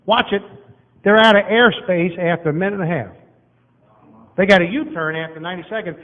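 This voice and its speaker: Folksy preacher in a reverberant hall. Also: male voice, high-pitched, fairly quick. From Southern United States. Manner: folksy, lively, walking and pointing across the room. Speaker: guest preacher. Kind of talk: sermon. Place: large church auditorium. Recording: dull, long-reverb hall recording.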